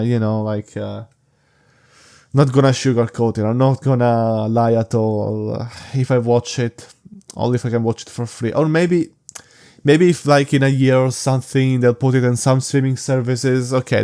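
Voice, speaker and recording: Sleepy rambling young podcast host, mellow voice. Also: male voice, mid-range voice, clear, resonant tone. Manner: rambling, halting, frank. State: sleepy, yawning. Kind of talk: casual solo podcast monologue.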